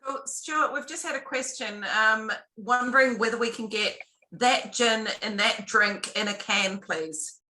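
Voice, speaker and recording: A woman's voice: fairly high pitch, measured pace, pushed and bright. A woman host passing on viewers' questions in a playful way. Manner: playful, laughs while speaking. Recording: echoey room, faint noise, off mic.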